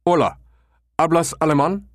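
Male reader doing a fake German accent, raised pitch, halting broken English. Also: no echo, clean studio sound. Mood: eager. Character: man faking a thick German accent.

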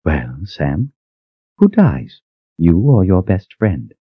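A man voicing a cold, cruel woman sorceress who speaks with measured, mocking calm in an audiobook. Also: low voice, husky, no room sound, narrow, tinny audio, heavily acted. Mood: cold menace.

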